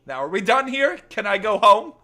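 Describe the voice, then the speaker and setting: A man's voice: high voice, very animated, normal speed, pushed and bright. A man streaming games, bantering with chat in a joking, teasing way and putting on a playful accent that keeps slipping. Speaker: gaming streamer. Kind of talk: casual live-stream chat.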